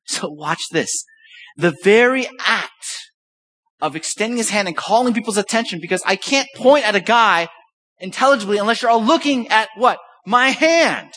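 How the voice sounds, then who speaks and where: A man preaching a sermon as pastor, reading scripture aloud and explaining it with emphatic, animated delivery and rhetorical questions. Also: sits high, normal speed, low-quality recording.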